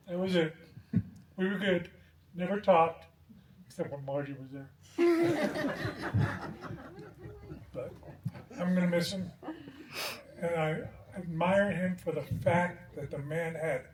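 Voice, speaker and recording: A man's voice: a little high, background noise. A man giving a joking eulogy outdoors at a memorial gathering, telling stories with a chuckle. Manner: chuckling anecdotal storytelling. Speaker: eulogy speaker. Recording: echoey, distant, crowd behind.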